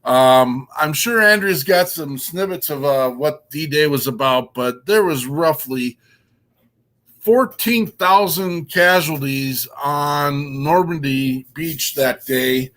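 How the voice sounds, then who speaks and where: A man's voice: on the high side, takes it slowly, a bit bright. A man hosting a casual show, enthusiastic and rambling, with many ums and uhs. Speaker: podcast host.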